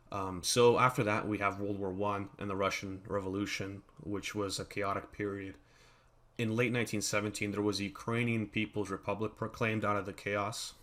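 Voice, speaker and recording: A man's voice: on the low side, a bit bright. A man hosting his channel, talking through a history topic in a loose, unscripted monologue with many fillers and restarts. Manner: rambling, with frequent fillers and restarts. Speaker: channel host.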